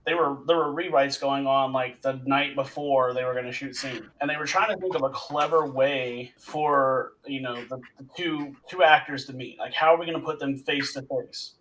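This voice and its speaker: A man's voice: medium pitch, normal speed, a bit bright, far from the mic, slight background noise, low-quality recording. A man co-hosting a movie podcast who tells behind-the-scenes stories in casual chat. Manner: storytelling, explains with trivia. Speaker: podcast co-host.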